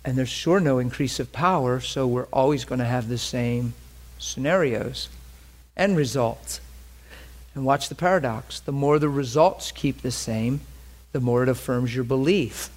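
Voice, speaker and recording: Husky-voiced man preaching a story-driven sermon. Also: medium pitch, measured pace, a little mellow. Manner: conversational storytelling, checks listeners follow.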